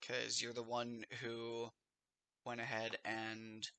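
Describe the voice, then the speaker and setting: A man acting as game master of a tabletop game, unhurried and pausing to check his notes. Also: medium pitch, monotone, creaky, sharp tone, clear, resonant tone, no echo.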